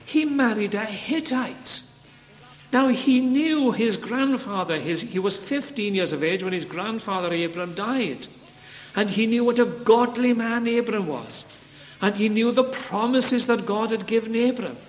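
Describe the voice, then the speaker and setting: A man's voice: sits high, lively intonation, a little slow. A man preaching a sermon in a church, emphatic and repeating his key phrases. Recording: reverberant hall with faint background hiss.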